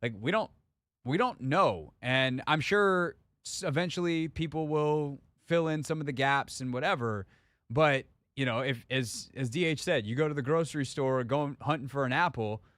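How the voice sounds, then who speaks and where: A man's voice: medium pitch, a bit bright, dry recording. Male sports talk host, dry studio sound, loose and jokey. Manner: loose, rambling, joking. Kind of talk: casual talk radio banter. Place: radio studio.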